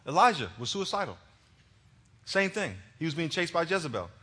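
A man preaching a sermon as pastor, impassioned and plain-spoken, moving between hushed and loud emphatic delivery. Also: fairly high pitch, big pitch swings, normal speed, slightly rough. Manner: conversational, plain-spoken, with humor.

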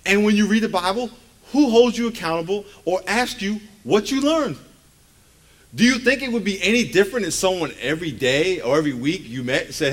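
A man's voice: high-pitched, sing-song, fairly quick. A man in his forties preaching a conversational sermon in a church, joking and firing rhetorical questions at the congregation.

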